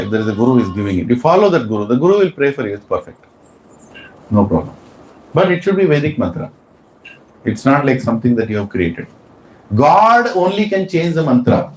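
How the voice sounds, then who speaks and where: A man's voice: medium pitch, a little mellow, a little hiss or hum. A man teaching a class of devotees, quizzing them with questions and stressing his points. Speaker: spiritual teacher. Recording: echoey room.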